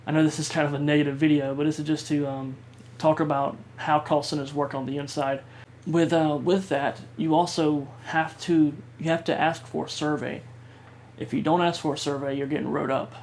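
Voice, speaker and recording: A man vlogger telling a personal story in a halting way, with many fillers and restarts. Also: on the high side, little pitch movement, darkish tone, slight background noise.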